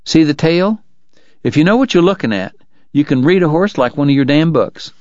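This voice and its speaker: A man's voice: a little high, animated, moderate pace, darkish tone, dry recording, highs cut off, voice pushed up, close to an everyday voice. A man voicing a confident, horse-wise young man. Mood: instructive.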